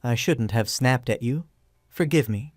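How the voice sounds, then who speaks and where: A man's voice: medium pitch, measured pace, no echo, studio quality, natural voice. A man reading a proud, grieving young woman squad leader. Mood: subdued.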